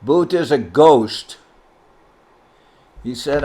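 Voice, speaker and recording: A man's voice: mid-range voice, unhurried. A man, a spiritual teacher, telling a self-deprecating story in an informal talk over a video call. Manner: anecdotal, self-deprecating, animated when quoting.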